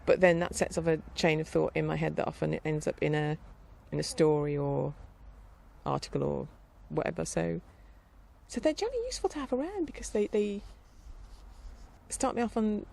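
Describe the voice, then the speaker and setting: Gravelly-voiced woman chatting. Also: low-pitched, lively intonation, normal speed, darkish tone. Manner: rambling, chatty, with frequent laughs and filler. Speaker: vlogger. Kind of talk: casual chat.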